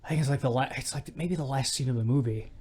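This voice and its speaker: Man, podcast host, casual film talk, enthusiastic, rambling, average pitch. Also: fast talker, darkish tone, slightly rough. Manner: enthusiastic, rambling, many fillers. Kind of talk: casual movie discussion.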